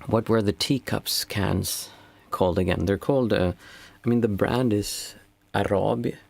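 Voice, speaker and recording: A man's voice: on the low side, gravelly. A man, a meditation teacher chatting casually and reflectively with viewers on a livestream. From Sweden. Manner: unhurried, reflective, reads out chat messages.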